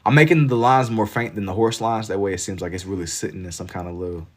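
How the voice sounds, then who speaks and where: Laid-back Southern man, lowish voice. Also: fairly even intonation, quick pace. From Kentucky. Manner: laid-back, rambling, heavy on filler "like". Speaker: live-stream artist. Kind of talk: casual live-stream chat while drawing.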